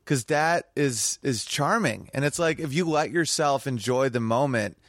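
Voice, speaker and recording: A male comedian talking as a podcast guest. He chats in a relaxed, offhand manner, with plenty of filler words. His voice is mid-pitched and sounds dry, close to the mic. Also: a little slow, no room sound. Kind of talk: casual chat.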